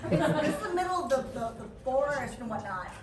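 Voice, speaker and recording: A woman's voice: high-pitched, animated, brisk, distant mic, crowd noise, background noise. A woman performing improv comedy, rambling and giggling through a joke. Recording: echoey theater recorded from afar, loud audience.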